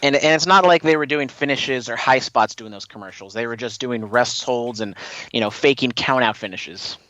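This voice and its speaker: A man's voice: mid-range voice, normal speed, a bit bright, no echo. A man co-hosting a casual wrestling podcast, talking in long, opinionated runs full of "you know". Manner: rambling, opinionated, many you-knows. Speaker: podcast co-host.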